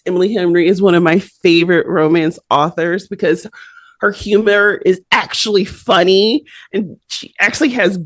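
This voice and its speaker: A woman co-hosting a podcast, telling a story in a lively, animated way and laughing often. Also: medium pitch, no room sound, clean studio sound. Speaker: podcast co-host. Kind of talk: casual chat.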